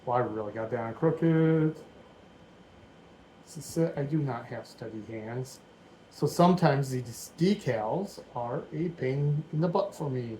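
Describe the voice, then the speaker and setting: Man in his forties, relaxed build-along vlogger, chatty and meandering, average-pitched voice, dim room at home. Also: a little slow, slight background noise, poor audio. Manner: rambling, thinking aloud, easygoing. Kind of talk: casual build commentary.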